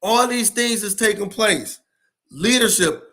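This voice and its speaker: A man speaks with passion and insistence, hammering his points home by repeating them. His voice sits high for a man and rings bright and forceful. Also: unhurried. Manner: emphatic, repeats key points. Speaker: education speaker. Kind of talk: passionate solo talk to camera.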